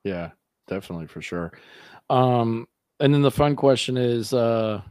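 A man hosts a podcast, asking questions in an easygoing, rambling manner. His voice sits at an ordinary middle pitch. The recording is dry and close. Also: smooth, no echo. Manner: relaxed, loose phrasing, quick back-channel agreement. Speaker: podcast host. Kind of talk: casual interview questions.

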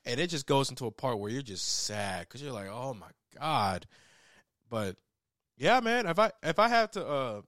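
A man's voice: medium pitch, sing-song, moderate pace, fairly bright tone, no echo, clean studio sound. A young man casually reviewing a short film in a rambling way, with restarts, swearing and laughs. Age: young adult. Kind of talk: casual chat.

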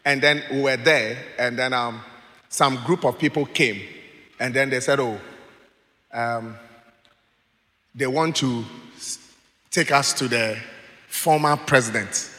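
A man preaching, telling stories in an animated way and laughing as he goes. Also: mid-range voice, slow pace, pauses often. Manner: animated, laughs while telling stories, acts out quoted voices. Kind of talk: sermon with storytelling. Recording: long hall reverb.

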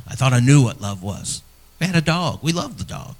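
A middle-aged man, a pastor, preaching a sermon in a church, earnest and personal, swinging from loud emphasis to hushed, near-whispered lines. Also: on the low side, moderate pace. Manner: earnest and personal, speaking to fathers.

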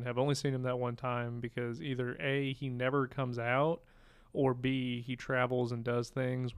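A man co-hosting a film podcast, rambling through stories in a deadpan way. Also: mid-range voice, clear, resonant tone. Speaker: podcast co-host. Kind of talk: casual chat.

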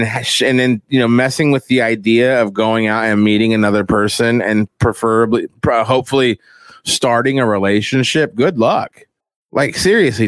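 A young man talking in a crude, rambling, profane casual chat. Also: dry recording. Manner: crude, rambling, profane, mimics others in high voices.

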